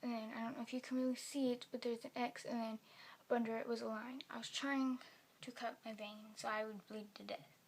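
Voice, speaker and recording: A woman talking in a personal vlog at home, rambling softly and sometimes dropping into a whisper. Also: fairly high pitch, flat delivery, a little fast, slight background noise. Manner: soft-spoken, rambling, drops into whispers. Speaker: vlogger.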